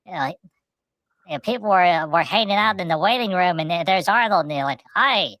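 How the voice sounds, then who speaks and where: A woman with a low voice talks through a long anecdote on a casual show. She circles back and pads it with "uh" and "you know". The sound is dry and close, with no room in it. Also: a little fast, a bit bright, dry recording. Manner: rambling storytelling with many fillers. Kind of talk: casual chat.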